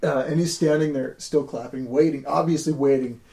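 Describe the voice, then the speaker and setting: A man narrating a tabletop game as game master, easygoing, with hesitant pauses. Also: fairly high pitch, fairly even intonation, gravelly, warm tone.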